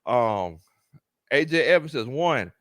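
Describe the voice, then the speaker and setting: A man's voice: mid-range voice, slow, dry recording. A man hosting a casual sports livestream, reading viewer comments aloud and laughing often. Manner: laughs often, Southern slang, animated reactions. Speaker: sports show host and coach.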